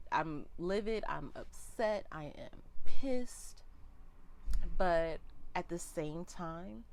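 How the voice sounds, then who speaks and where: Slow, low-voiced young woman vlogging. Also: no room sound. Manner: emotional, repeats words for emphasis. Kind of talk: personal storytime vlog.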